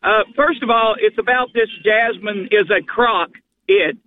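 Man, radio caller, from arkansas, very high voice, phone-line sound, earnest. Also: expressive, slight background noise. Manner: earnest, hurried. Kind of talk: call-in talk.

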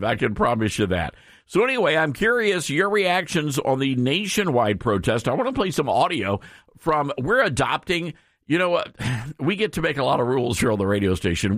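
A man's voice: medium pitch, fairly bright tone, no room sound, clean studio sound. A man hosting a talk radio show, speaking in a folksy, plain-spoken way. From West Tennessee. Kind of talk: conservative talk radio monologue.

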